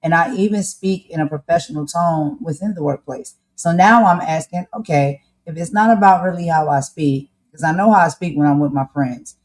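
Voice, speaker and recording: A woman's voice: deep voice, moderate pace, few pauses, darkish tone. A woman with a New Jersey accent tinged with North Carolina, speaking emphatically as a podcast co-host in casual commentary. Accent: New Jersey with a touch of North Carolina. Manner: emphatic, fired-up, uses "y'all" and "okay?".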